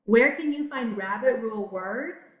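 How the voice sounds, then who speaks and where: Slow, encouraging woman teacher. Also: on the high side. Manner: slow, encouraging teacher talk to young students. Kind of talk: recorded classroom lesson. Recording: echoey room, dull lo-fi audio.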